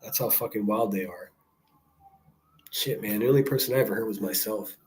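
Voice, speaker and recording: A man's voice: fairly low pitch, fairly quick, darkish tone. A man hosting a livestream, giving blunt, rambling commentary full of swearing. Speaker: livestream host. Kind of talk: profane casual commentary.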